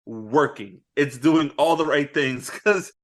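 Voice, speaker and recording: A man's voice: on the high side, slow pace. A young man co-hosting a casual movie-review podcast, acting out characters' lines and laughing often. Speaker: podcast co-host.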